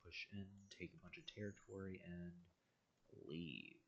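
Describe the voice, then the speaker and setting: A man's voice: low voice, measured pace, a bit bright, slightly rough, lo-fi sound. A man casually narrating an alternate history map timeline, rambling with wry asides and self-corrections.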